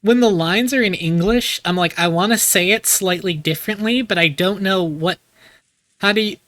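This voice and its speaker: Streamer: a man from the US, excitable and profane, fairly high voice. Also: moderate pace, dry recording. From United States. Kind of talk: live let's play commentary.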